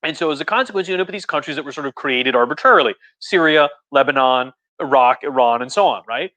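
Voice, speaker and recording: A man's voice: medium pitch, fast talker, pushed and bright. A tipsy man giving a casual, rambling history talk, full of jokes and acted-out asides. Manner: rambling, jokey, acts out voices with "like". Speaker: history lecturer.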